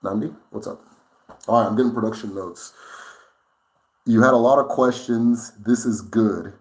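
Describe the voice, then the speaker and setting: Lower-voiced man hosting a casual livestream. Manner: conversational, often tags lines with "right?"; relaxed and unhurried, with fillers and restarts while thinking. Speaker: host answering viewer questions.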